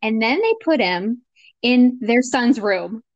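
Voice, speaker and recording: A woman co-hosting a casual movie discussion, retelling scenes in a chatty, animated way. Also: on the high side, slow pace, dry recording, lo-fi sound. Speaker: podcast co-host.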